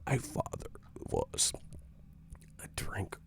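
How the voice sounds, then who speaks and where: A man doing an impression of the Joker, a grinning, menacing male villain, with drawn-out, theatrical delivery. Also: no echo, in a whisper, natural voice. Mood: menacing whisper.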